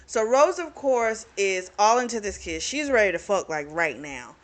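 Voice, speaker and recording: A woman with a medium-pitched, sing-song voice chats her way through a novel's plot as a book reviewer. She laughs frequently, uses lots of "you know" and "like," and tosses in quick asides where she performs the characters' lines.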